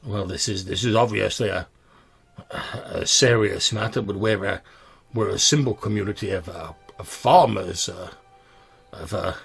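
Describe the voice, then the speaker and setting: A man voicing a plump, older village alderman who speaks haltingly and gravely. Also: fairly low pitch, faint music behind, exaggerated voice.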